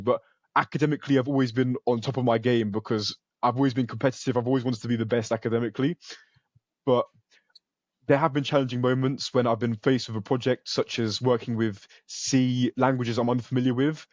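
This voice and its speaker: Talking fast in a mid-range, steady, darkish voice, a young UK computer science student answers questions in a relaxed call interview, self-assured and earnest but often starting sentences over. The audio is muffled and has no echo.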